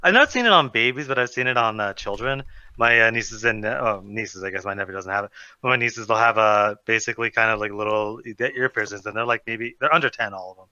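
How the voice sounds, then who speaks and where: Fast lively man on a dull dry mic. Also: lowish voice, clear, resonant tone. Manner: rambling, restarts mid-sentence. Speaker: co-host. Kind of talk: casual podcast chat.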